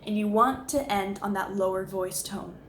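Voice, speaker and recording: A woman's voice: mid-range voice, fairly even intonation, moderate pace, echoey room, slight background noise. A woman communication coach, explaining and modeling voice inflection in a conversational video lesson.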